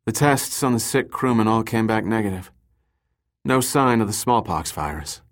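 A man's voice: fairly low pitch, animated, moderate pace, close to an everyday voice. A man voicing a drowsy injured woman who speaks in a slurred, sleepy way in an audiobook.

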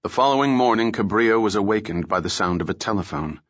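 A male narrator reads thriller prose with a steady, measured delivery in a lowish voice. The sound is dry and close, with no room around it. The recording is slightly dull and muffled. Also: dry recording. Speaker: audiobook narrator. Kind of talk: scripted narration of a thriller novel.

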